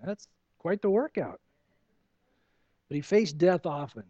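Male pastor, high voice, animated sermon, dry dull recording. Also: measured pace, slightly rough, dry recording. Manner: expository preaching, animated with rhetorical questions.

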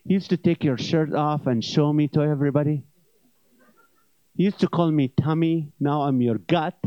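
A man's voice: high-pitched, animated, moderate pace, no room sound, lo-fi sound. A man voicing his own stomach as a jilted, whiny male character who scolds and guilt-trips him. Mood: mournful. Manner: nagging, wounded, guilt-tripping.

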